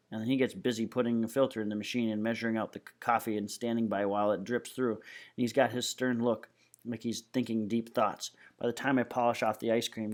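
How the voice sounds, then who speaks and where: A man reading a novel aloud in a casual, first-person storytelling way. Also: medium pitch. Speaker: reader.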